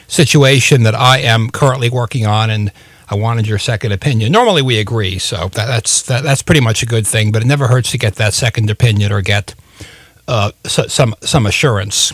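A man's voice: mid-range voice, fairly bright tone, no echo. A man hosting a casual radio talk show, chatty and folksy, laughing often.

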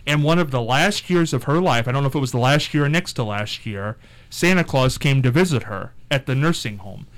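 This radio host talks fairly quickly in a mid-range voice, spinning lively stories during a relaxed chat. Playful and teasing, he keeps firing quiz questions at his co-hosts.

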